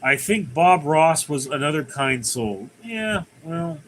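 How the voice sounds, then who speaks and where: A fairly high-voiced man runs a relaxed livestream. He reads viewer comments aloud and then rambles through his answers in an easygoing, conversational way. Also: takes it slowly, slight background noise, low-quality recording. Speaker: livestream host. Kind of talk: casual live chat reading viewer comments.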